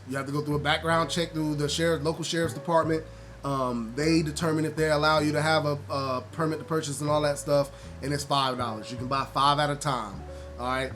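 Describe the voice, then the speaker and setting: Man, vlog host, slightly high voice, teasing, faint music behind. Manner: loud trash-talking teasing, rising high when excited; relaxed and conversational when explaining. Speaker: vlogger host. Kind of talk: casual chat to the camera.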